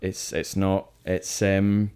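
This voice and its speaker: A man's voice: low voice, little pitch movement, slow pace, warm tone, clear, resonant tone. A man co-hosting a film podcast, talking in a chatty, opinionated way and often restarting his sentences. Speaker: podcast co-host reviewing films. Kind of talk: casual chat.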